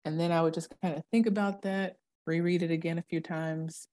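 A young woman with a slightly low voice chats on a faith podcast. She talks earnestly, with plenty of casual fillers. She leans hard into the words she wants to land. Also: fairly even intonation, brisk, darkish tone. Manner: earnest, emphatic, dramatic when quoting scripture. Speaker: podcast co-host. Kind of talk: casual Christian podcast chat.

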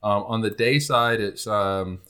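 A man's voice: fairly low pitch, measured pace, pushed and bright, clean tone. A man hosting a casual astronomy podcast, rambling with many fillers. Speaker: podcast host.

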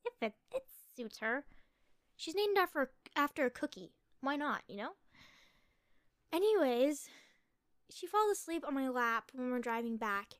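A woman's voice: a little high, no echo, studio quality. A young woman from Canada hosting a podcast, telling a story in a rambling, chatty way full of "like" and restarts. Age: young adult. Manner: rambling, chatty, filler-heavy with frequent "like". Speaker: podcast host.

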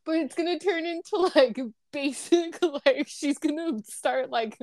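A woman with a high, bright-toned voice chats casually as a co-host. She tells stories in an animated way and breaks into laughter often. The sound is dry and close. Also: measured pace, dry recording. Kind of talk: casual chat.

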